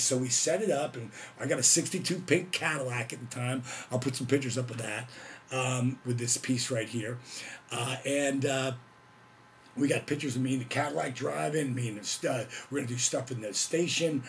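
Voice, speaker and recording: A middle-aged man with a gravelly voice tells a story casually and excitably, whooping and acting out quotes. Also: mid-range voice, slight background noise. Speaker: host telling a story.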